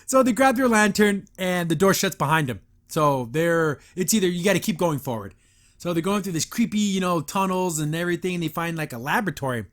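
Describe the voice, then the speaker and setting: Chatty, high-voiced male podcast host. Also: expressive, brisk. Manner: chatty, retells scenes acting out lines, laughs often. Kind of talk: casual episode review.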